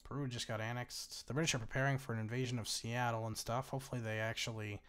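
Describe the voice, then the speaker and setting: A man's voice: mid-range voice, little pitch movement, quick pace, fairly bright tone, smooth. Gaming host: casual man, medium voice, bemused running commentary with frequent laughs and swearing. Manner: chatty, bemused, swears freely, laughs often. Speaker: gaming YouTuber. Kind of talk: casual let's-play commentary.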